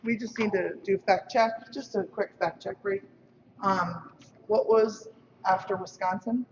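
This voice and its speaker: A woman calling a quick fact-check break and giving practical instructions to fix a results board. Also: mid-range voice, fairly even intonation, a little hiss or hum. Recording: roomy lo-fi stream, hall reverb from far off.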